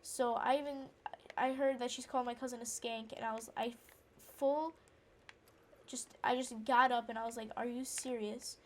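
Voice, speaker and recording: A woman's voice: on the high side, fairly even intonation, moderate pace. A woman rambling through an indignant personal story while playing a game, with lots of fillers and restarts. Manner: breaks off to react to the game. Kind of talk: casual storytelling chat.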